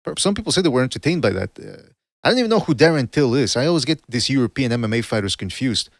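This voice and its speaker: Casting note: male boxing podcast host, mid-pitched, loose and rambling, self-correcting, dry close mic. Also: very animated, fast, vocal fry, no room sound. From Canada. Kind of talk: casual livestream commentary.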